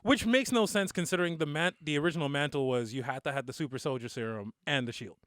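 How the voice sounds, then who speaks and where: A man's voice: fairly high pitch, fast talker, fairly bright tone, dry recording, clean studio sound. A man in his thirties co-hosting a podcast, chatting loosely with joking slang banter. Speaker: podcast co-host. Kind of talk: casual chat.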